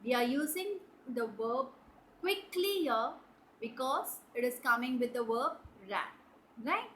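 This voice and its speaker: A woman teaching schoolchildren grammar at a very unhurried pace, checking often that they understand. Her voice sits a little high and sounds bright. A faint hum of room ambience runs under her words. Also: lively intonation, rough recording. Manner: slow, explaining and checking with "right?" and "clear?". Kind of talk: online English grammar lesson for children.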